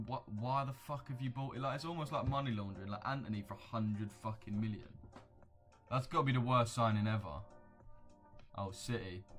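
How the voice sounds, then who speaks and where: Hosting a casual livestream, a young man banters bluntly with viewers, using plenty of slang as he reacts to their comments. His voice is mid-range and fairly bright.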